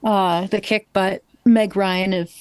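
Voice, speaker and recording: A woman's voice: mid-range voice, fairly even intonation, slow pace, a little mellow, clean tone, no room sound. A woman chatting as a guest on a video call, talking in a Valley girl way, saying like a lot and laughing easily. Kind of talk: casual video-call chat.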